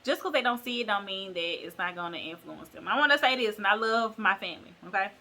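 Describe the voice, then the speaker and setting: A woman's voice: medium pitch, animated, fast talker, sharp tone. A woman vlogger retelling a bible story in a chatty, slangy, digressive way.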